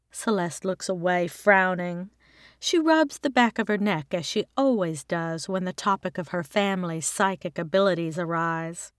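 A woman from Texas, an author reading her own short story aloud in an even, clear way. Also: fairly low pitch, a little slow, no room sound, studio quality. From Texas, United States. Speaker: author and narrator. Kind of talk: scripted storybook narration.

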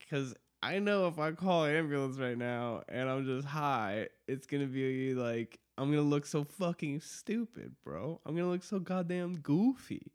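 A man's voice: a little high, lively intonation, moderate pace, hardly any pauses. Rambling, profane podcast host, a man. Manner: rambling, profane, laughing often. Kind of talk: casual chat. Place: studio.

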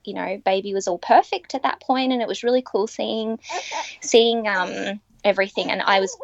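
A woman, telling her personal story as a podcast guest, earnest and halting with many ums and restarts. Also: mid-range voice, fairly even intonation, vocal fry. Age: 30s. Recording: dry, dull lo-fi recording.

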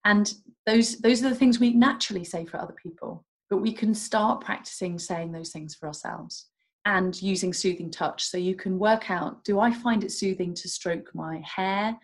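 A woman, a doctor and coach, explaining calmly and gently as a guest in a podcast interview. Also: medium pitch, normal speed, rough recording.

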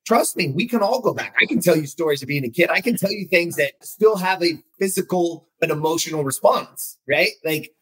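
Husky man hosting a chat. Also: fairly high pitch, lively intonation, fairly quick, few pauses, a bit bright, poor audio. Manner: reflective, recaps with asides. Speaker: podcast host. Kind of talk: casual conversation.

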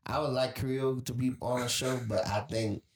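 Podcast host, male, mid pitch, storytelling chat, roomy echo. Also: steady tone, moderate pace, a little hiss or hum. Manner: storytelling, sets up scenarios with role-play. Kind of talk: casual chat.

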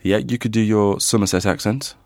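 Guy on a podcast, really low voice, dry close sound, lots of ums. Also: steady tone, brisk, creaky, dry recording. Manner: hesitant, many fillers and restarts. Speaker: podcast co-host. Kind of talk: casual chat.

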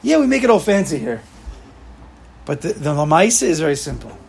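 Gravelly man lecturing emphatically. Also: fairly high pitch, sing-song, fairly quick, darkish tone. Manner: emphatic, repeats key phrases, mixes in Hebrew and Yiddish terms. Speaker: teacher giving a class. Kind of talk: informal lecture with questions to students.

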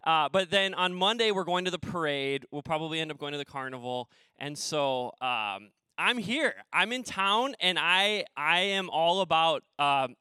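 Forty-ish pastor guy telling goofy stories up front, bright voice, dry sound. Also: fairly high pitch, clean tone, dry recording. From Minnesota, USA. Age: 40s. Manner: self-deprecating, rambling storyteller with frequent ums. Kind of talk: sermon opening with personal stories. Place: church sanctuary stage.

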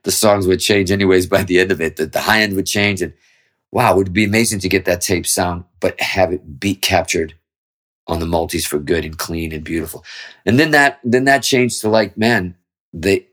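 A middle-aged man with a very low, deep voice speaks as a guest guitarist in an easygoing interview. He talks candidly and at length, swearing freely as he works through his ideas. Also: normal speed, fairly bright tone. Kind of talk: casual interview chat.

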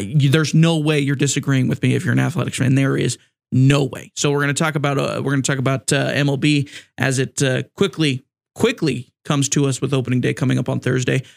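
A man hosting a sports podcast, talking casually in a rambling way, restarting phrases and adding sarcastic asides. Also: fairly high pitch. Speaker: podcast host.

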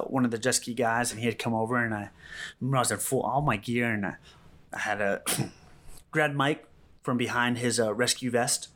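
Halting, low-key man recounting a rescue. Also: fairly bright tone. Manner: halting, repeats himself, many fillers. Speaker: rescue medic. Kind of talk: first-hand account in an interview.

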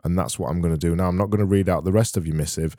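Dry rambling man, low voice. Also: rapid-fire, warm tone, no echo. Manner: dry, rambling, self-mocking. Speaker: podcast host. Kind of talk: comedic podcast monologue reading listener messages.

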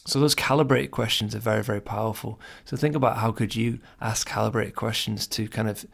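Man, podcast host, low gravelly voice, earnest, encouraging, casual advice monologue. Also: steady tone, a little fast. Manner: earnest and encouraging, speaks straight to the listener.

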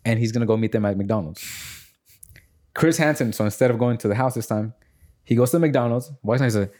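A young man chatting casually on a podcast, telling stories and acting out quotes in high voices. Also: brisk. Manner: animated storyteller, acts out quotes in high voices. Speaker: podcast host. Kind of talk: casual chat.

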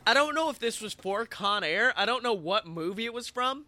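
Bright, excitable man riffing. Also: high voice, a little fast, dry recording. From Alabama, US. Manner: excitable, riffing, lots of voices. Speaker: podcast co-host. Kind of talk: casual comedic chat.

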